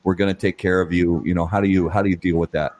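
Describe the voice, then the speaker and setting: A man with a very deep voice hosts a podcast, asking questions in an easygoing, rambling way. He fills his talk with "you know" and restarts. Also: level tone, fast talker, darkish tone. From lives in Minnesota, not born there. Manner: easygoing, rambling with many fillers. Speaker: podcast host. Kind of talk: casual interview chat.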